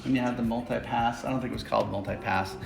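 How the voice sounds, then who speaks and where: A man's voice: mid-range voice, fairly even intonation, fast, vocal fry. A man co-hosting a podcast in casual chat, rambling and joking with lots of fillers. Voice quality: rambling, jokey, many "uh" fillers. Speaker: podcast co-host. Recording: echoey room with faint music.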